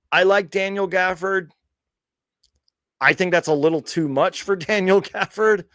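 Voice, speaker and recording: Guy rambling through fan questions on a live stream, kinda high voice, dry sound. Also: measured pace, long pauses, sharp tone, dry recording. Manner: chatty, rambling, self-correcting, laughs often. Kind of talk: casual live Q&A chat.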